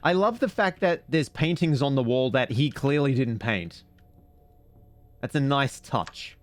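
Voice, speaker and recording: A man's voice: mid-range voice, expressive, a little slow, dry recording. A man streaming a mystery game, with casual, sarcastic, muttering commentary as he plays.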